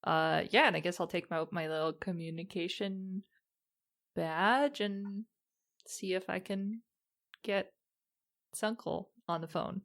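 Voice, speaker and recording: Hesitant woman with a gravelly voice. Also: lowish voice, steady tone, slow, pauses often, fairly bright tone. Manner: hesitant and rambling, many fillers. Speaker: player. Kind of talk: casual in-character tabletop play.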